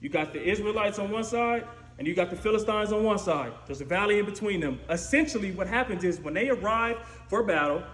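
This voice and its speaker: A man preaching a storytelling sermon in a lively, conversational way, often asking "right?". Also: high voice, a little fast, hardly any pauses. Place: church sanctuary. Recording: echoey church room with faint noise.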